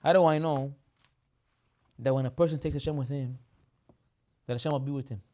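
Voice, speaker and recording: A man giving an animated sermon as a rabbi. He repeats phrases, mixes in Hebrew terms, and builds to loud emphatic peaks. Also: mid-range voice, fairly quick.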